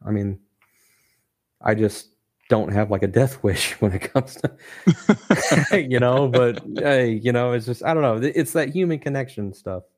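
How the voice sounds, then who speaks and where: A man's voice: mid-range voice, normal speed, long pauses, a little mellow. A man talking casually as a podcast guest, rambling and full of filler words. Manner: rambling, heavy with "like" fillers and restarts. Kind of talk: casual conversation.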